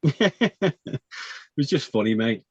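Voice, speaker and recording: A man's voice: medium pitch, big pitch swings, slow, breathy edge, dry recording. A man spins army stories in loose casual chat, breaking into laughter and swearing freely. He keeps tagging "you know what I mean" onto his sentences. The recording sounds dull and dry. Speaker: guest telling his army story.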